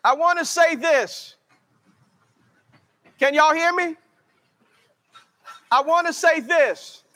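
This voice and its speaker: A man preaching from the pulpit with a strikingly high, bright voice. He stretches his words out slowly and calls on the congregation to answer him back. His voice rings with the long reverb of a large church sanctuary. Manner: slow, drawn-out preaching with call-and-response. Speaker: pastor. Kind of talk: sermon.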